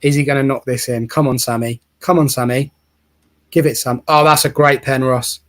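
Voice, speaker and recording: A man giving casual, excitable live commentary on a football match as a co-host, chatty and quick to cheer and tease. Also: mid-range voice. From England.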